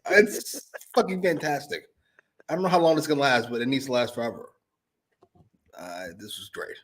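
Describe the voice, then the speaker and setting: A man co-hosting a wrestling review show, giving blunt, profane, excitable reactions. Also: mid-range voice, brisk. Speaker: podcast co-host. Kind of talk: casual wrestling review chat.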